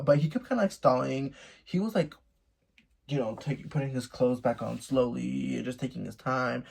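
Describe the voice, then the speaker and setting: A young man telling a story-time tale to his viewers in a casual, animated, gossipy way, laughing often and swearing freely. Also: medium pitch, moderate pace, gravelly. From Mexico.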